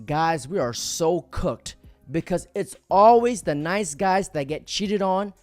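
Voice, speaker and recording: A man's voice: high voice, expressive, slow pace, dry recording, faint music behind. A man hosting a commentary video, lecturing in a matter-of-fact way. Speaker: commentary host. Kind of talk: commentary narration.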